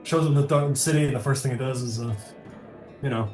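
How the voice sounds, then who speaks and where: A man's voice: mid-range voice, steady tone, a little fast, a little mellow, echoey room, soft background music. A man running a tabletop game as game master, narrating in a loose, chatty way with frequent laughter.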